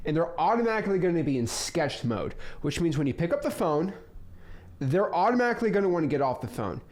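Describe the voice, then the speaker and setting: Young man, lively swooping voice, slightly high, casual coaching lecture, jokey asides. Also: quick pace. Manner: joking, rambling asides with sudden loud bursts. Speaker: real estate wholesaling coach.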